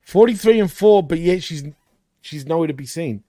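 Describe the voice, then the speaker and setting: A man's voice: on the high side, expressive, normal speed, a crowd in the background. A man co-hosting a casual wrestling recap show, laughing often and swearing, calling his co-host dude and bro.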